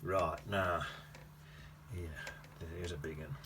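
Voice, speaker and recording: A watercolour teacher with a low voice chats slowly and steadily through a casual painting demonstration. He thinks aloud as he paints and corrects himself, with noticeable background noise in the recording.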